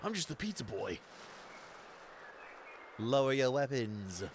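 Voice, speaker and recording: A man's voice: medium pitch, big pitch swings, slow, a little hiss or hum. A man voicing a wary but brave young male courier, reading game dialogue while streaming. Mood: insistent. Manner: wary, questioning. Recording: game music behind the voice.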